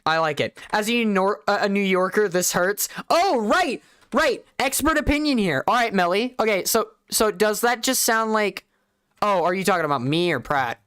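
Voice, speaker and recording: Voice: medium pitch, lively intonation, moderate pace, fairly bright tone, clean tone, no echo, clean studio sound. A streamer with a light Southern US accent, from the South, giving rambling, self-deprecating live-stream commentary to chat.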